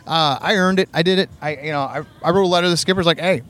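A man's voice: fairly high pitch, very fast. A man co-hosting a casual chat at a hotel pool, telling rambling, profane service stories. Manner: profane, rambling, animated storyteller. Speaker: podcast co-host, Navy veteran. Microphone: streamed live on a phone or camera.

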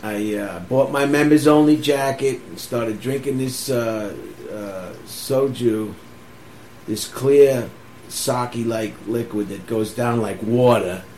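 A man casually telling animated stories about his military days, laughing through them. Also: mid-range voice, slow. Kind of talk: casual storytelling chat. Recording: echoey room with faint background hum.

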